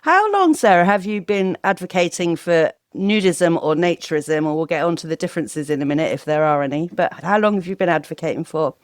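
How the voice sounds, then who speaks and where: A woman hosting an interview podcast, chatty and quick to laugh. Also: lowish voice, lively intonation, no echo, clean studio sound. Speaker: podcast host.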